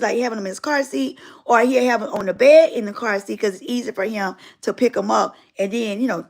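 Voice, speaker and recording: A middle-aged woman with a high voice tells a personal story on her live stream. She talks in a casual, colloquial way and leans hard on her emphasis.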